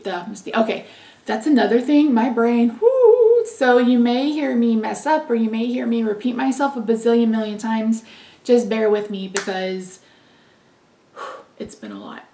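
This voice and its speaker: A woman's voice: a little high, vocal fry. A woman, a beauty vlogger chatting to camera in a candid, rambling way. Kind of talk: casual chat to camera. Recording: echoey room, mic at a distance.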